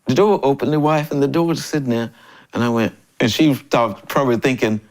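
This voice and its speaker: An older man in his sixties from Memphis, a drummer and interview guest, telling stories in a lively way, often laughing and acting out other people's lines. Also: mid-range voice, fairly quick. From Memphis, USA. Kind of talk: casual storytelling interview.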